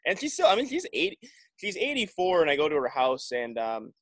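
A man's voice: fairly high pitch, huge pitch swings, a little fast, fairly bright tone, no room sound. A man talking in a loose, rambling way as a podcast guest, often restarting his sentences. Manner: rambling, restarts with many likes. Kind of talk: casual chat.

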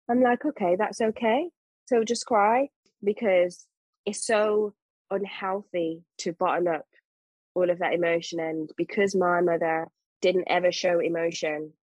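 A woman's voice: lowish voice, a little mellow, dry recording, rough recording. A woman, a mother, talking earnestly and emphatically in a casual podcast conversation. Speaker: guest, mother.

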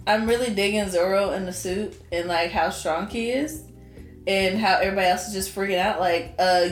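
A woman co-hosting a podcast, chatting casually and retelling scenes in an animated, talkative way. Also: medium pitch. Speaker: podcast co-host. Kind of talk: casual chat. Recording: roomy echo with faint music.

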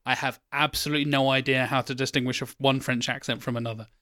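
A man's voice: medium pitch, little pitch movement, fast talker, sharp tone, no echo, clean studio sound. Chatty man with neutral English accent. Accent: neutral southern English. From Britain. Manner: chatty, explanatory, laughs easily. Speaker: podcast co-host. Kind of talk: casual chat.

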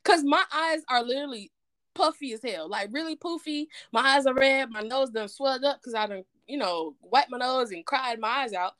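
Brief: woman co-host, lively storyteller, high-ish voice, dry close sound. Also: moderate pace, no room sound. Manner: animated storyteller, quotes others in dialogue. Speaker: podcast co-host. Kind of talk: casual chat, storytelling.

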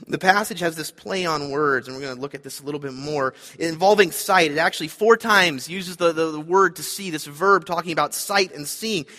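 A man's voice: on the high side, a little fast, hardly any pauses, pushed and bright, big-room sound. A man preaching a sermon, earnest and emphatic, repeating his key points. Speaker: pastor.

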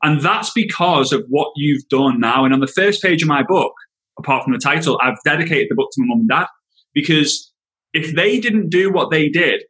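A man's voice: on the high side, animated, moderate pace, fairly bright tone, rough recording. A man as a podcast guest, speaking in an earnest, heartfelt, emphatic way. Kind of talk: casual interview chat.

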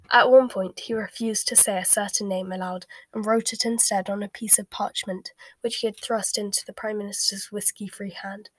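A woman reading a storybook aloud as narrator, mostly in a soft, unvoiced whisper. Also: medium pitch, no room sound.

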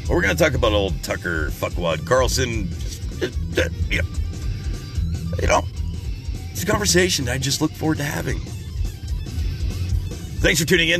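A man's voice: medium pitch, vocal fry. A man in his forties hosting his own channel, ranting sarcastically and with plenty of swearing in a rambling political monologue.

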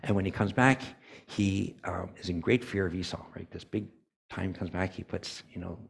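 A man's voice: deep voice, steady tone, moderate pace, gravelly, husky. A man preaching a sermon as a church elder, in a conversational way, acting out characters' thoughts and adding apologetic asides.

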